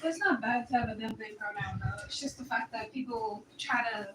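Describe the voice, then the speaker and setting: Young st woman, kinda high voice, off mic in a noisy echoey kitchen. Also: brisk, recorded from a distance. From St. Louis area. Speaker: host's daughter, co-cook. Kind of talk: casual chat while cooking. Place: home kitchen.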